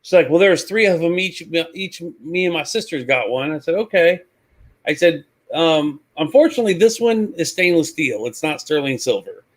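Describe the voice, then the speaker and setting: Animated storytelling man. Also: fairly high pitch, normal speed. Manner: animated, acts out voices in anecdotes. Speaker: guest, reseller. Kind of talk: casual storytelling.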